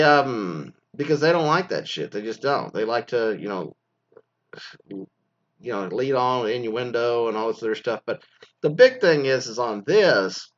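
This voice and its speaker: A man's voice: medium pitch, fairly bright tone. Profane rambling man ranting. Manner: profane, rambling, full of fillers. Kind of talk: casual rant. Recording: dull lo-fi recording.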